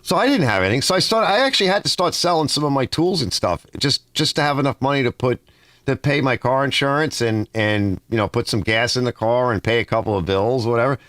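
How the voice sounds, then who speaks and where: A man's voice: medium pitch, expressive, fast, fairly bright tone, dry recording, clean studio sound. A man hosting a casual garage livestream, reading viewer comments aloud and rambling through personal stories with frequent restarts. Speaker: host of a garage channel. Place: home garage.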